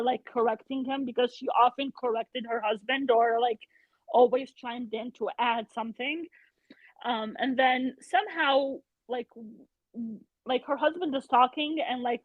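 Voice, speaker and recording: Brief: high, husky woman guest over a thin phone-like line, retelling stories with lively quoted voices. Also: dry recording. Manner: animated retelling, acts out quotes. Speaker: podcast guest. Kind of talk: casual storytelling chat. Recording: tinny phone-like remote call.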